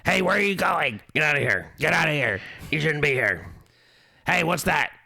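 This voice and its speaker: Man doing a barking, pushy male haunted-house scare actor, higher and louder than his own talk, firing off nosy questions, heard in a dry, close space. A gruff, in-your-face monster-house performer, as a podcast host puts him on. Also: sing-song, normal speed, no echo, exaggerated voice. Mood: bossy.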